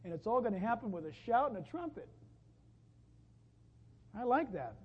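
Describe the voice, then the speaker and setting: A man preaching a sermon as pastor, animated and punchy, with emphatic rises and wry jokes. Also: extremely high pitch, normal speed, slightly rough. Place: church sanctuary. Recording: lo-fi, dull, long reverb from a church hall.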